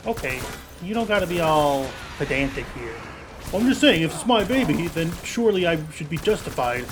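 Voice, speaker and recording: A young man with a slightly high voice gives casual gameplay commentary, cracking jokes and swearing as he banters with the characters on screen. A steady hiss of background noise runs under his voice. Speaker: gameplay streamer.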